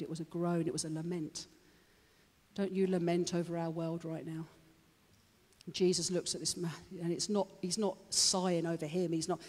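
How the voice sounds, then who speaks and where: A preacher giving a sermon, chatty and joking with the congregation, then turning fervent and rousing. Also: medium pitch. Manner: chatty, jokey asides to the congregation. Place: church hall with a congregation. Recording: long church-hall reverb.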